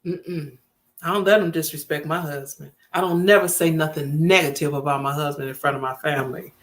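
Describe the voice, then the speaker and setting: A woman's voice: low-pitched, fairly even intonation, fast. A woman, chatting to camera in a vlog, emphatic and repeating her points. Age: 50s. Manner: chatty, emphatic, repeats points, acts out quoted family voices. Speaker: vlogger. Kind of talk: casual storytelling to camera.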